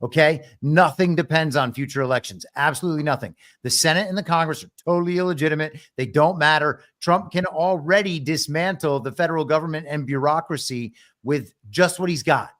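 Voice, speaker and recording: A man's voice: fairly high pitch, brisk, hardly any pauses, a bit bright. A man co-hosting a podcast, giving emphatic, mocking political commentary. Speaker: podcast co-host.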